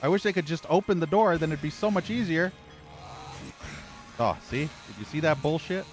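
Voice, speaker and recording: A man's voice: fairly high pitch, lively intonation, moderate pace, music in the background. A man streaming a horror game, ranting with angry, profane commentary and exasperated sighs as he plays. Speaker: gaming streamer.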